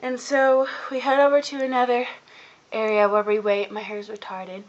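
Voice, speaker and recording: A teenage girl telling a long casual vlog story about her day, rambling and acting out what people said in animated voices. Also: fairly high pitch, normal speed, muffled recording. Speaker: vlogger. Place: indoors at home, cold room.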